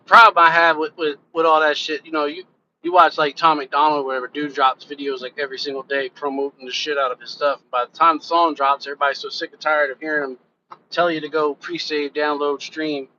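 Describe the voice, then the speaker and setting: Guy chatting on his live stream, kinda high bright voice, dull muffled audio with a bit of hiss. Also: flat delivery, fairly quick. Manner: loose, rambling, curses casually, talks straight to viewers. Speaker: reaction channel host and rapper. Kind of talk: casual live-stream chat. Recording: dull lo-fi sound with faint background noise.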